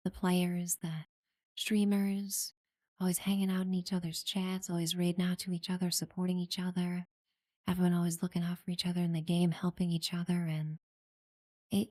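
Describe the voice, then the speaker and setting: A woman's voice: fairly low pitch, no echo, studio quality. A woman streamer chatting casually during live gameplay, thanking new followers and talking about her community. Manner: friendly, thanks followers warmly, many fillers.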